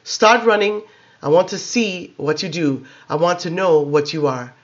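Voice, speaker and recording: A man reading aloud, voicing an ancient male vampire in a young boy's form who speaks slowly, gently and with contempt. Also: sits high, expressive, dull audio. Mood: coolly curious.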